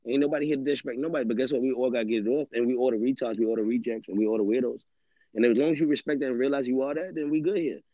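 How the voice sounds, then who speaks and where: A man's voice: medium pitch, steady tone, racing, no echo. A man hosting a live stream, rambling casually in street slang and swearing often. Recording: dull lo-fi dry audio.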